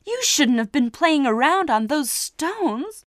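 A woman voicing an excited, teasing mother of a young boy in a storybook. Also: high voice, takes it slowly, dry recording, studio quality, voice pushed up, full character voice. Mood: stern.

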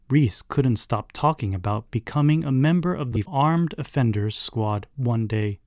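A man reading a children's story aloud, in a measured, expressive way. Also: medium pitch, no echo, studio quality. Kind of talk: scripted narration of a children's story.

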